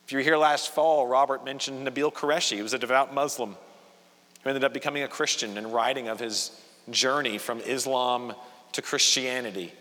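A man's voice: mid-range voice, steady tone, brisk, a bit bright. A man preaching a sermon as a pastor, earnest and conversational, with frequent restarts. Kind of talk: sermon with opening prayer. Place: church sanctuary. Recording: long reverb of a church hall.

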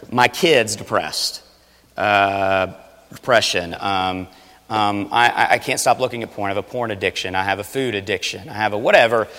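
A man preaching a sermon, animated, swinging between loud urging and hushed asides. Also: medium pitch. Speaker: pastor. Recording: long reverb of a large hall. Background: audience.

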